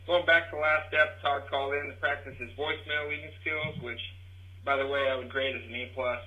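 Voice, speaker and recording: A man's voice: mid-range voice, steady tone, brisk, narrow, tinny audio. A man from Nebraska leaving a rambling, self-deprecating voicemail for a podcast.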